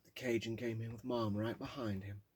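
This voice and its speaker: A man's voice: mid-range voice, steady tone, fairly quick, a little mellow, husky, no room sound. A man reading his own memoir aloud in a candid, plain-spoken way, with casual asides. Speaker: memoir narrator.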